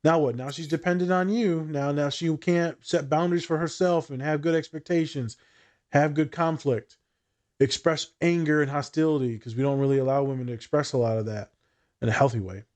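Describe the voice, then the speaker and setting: A man's voice: fairly high pitch, a little fast. A man, a therapist and podcast host, talking casually, telling stories with lots of swearing and acted-out quotes. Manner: animated, profane storytelling with quoted voices.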